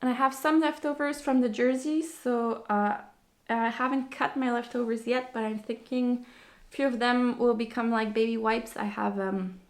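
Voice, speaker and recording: Breathless woman chatting on her podcast. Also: on the high side. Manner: rambling, with frequent fillers and restarts. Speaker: podcast host. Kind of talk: casual chat.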